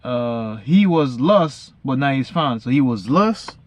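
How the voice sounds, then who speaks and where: A man reading Bible verses slowly, then retelling each one casually in everyday slang. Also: mid-range voice, lively intonation. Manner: frequent fillers and restarts, says basically a lot. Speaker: Bible reader and explainer. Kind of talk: casual Bible study talk.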